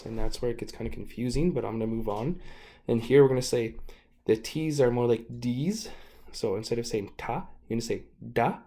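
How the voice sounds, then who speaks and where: A man teaching the sounds of an Indigenous language in a relaxed, informal lesson. He talks casually, jokes about himself and demonstrates each sound syllable by syllable. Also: medium pitch.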